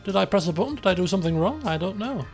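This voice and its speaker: A man's voice: high-pitched, expressive, rapid-fire, darkish tone, soft background music. A man streaming a racing management game, chatting casually in a rambling, self-deprecating way. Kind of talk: casual live-stream commentary.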